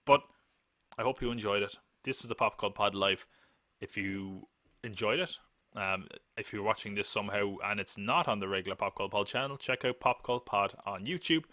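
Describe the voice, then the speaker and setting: A man's voice: on the low side, moderate pace, sharp tone, no echo, studio quality. A man hosting a live podcast in a casual chat, rambling and joking and laughing often. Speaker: podcast host.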